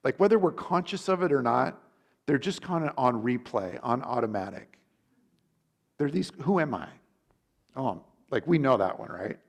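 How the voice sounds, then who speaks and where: A man giving a sermon in an easy, talky way, as if chatting with friends. He trips over his words, restarts often and leans on "like". He slips into quoted questions with shifting voices, at a middle pitch. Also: expressive, normal speed, gravelly. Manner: casual, rambling, many restarts and "like". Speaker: preacher. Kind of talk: conversational sermon.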